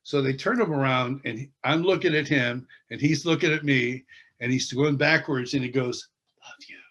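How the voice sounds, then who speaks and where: The guest's story comes out at a moderate pace in a medium-pitched voice. Animated and expressive, he acts out each person he describes, laughing along as he tells it.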